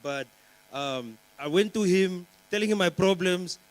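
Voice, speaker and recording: A young man working a stand-up set on a conference stage, his voice sitting a little high for a man. He rambles along with plenty of "um" and "you know," teasing the audience between jokes. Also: measured pace, poor audio. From Namibia. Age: young adult. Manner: chatty, rambling, teasing the crowd with lots of fillers. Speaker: stand-up comedian.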